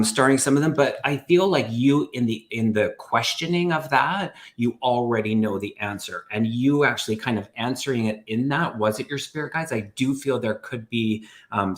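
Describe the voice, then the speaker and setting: A man who is a guest medium on a live stream, talking haltingly with many fillers and easy laughter. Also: medium pitch. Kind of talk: casual live-stream chat.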